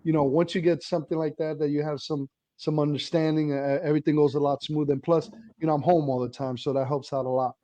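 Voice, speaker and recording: A middle-aged man, telling hobby stories in an animated, laughing casual chat. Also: on the high side, quick pace, dry recording. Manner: animated storytelling, laughs while talking. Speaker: radio hobbyist guest.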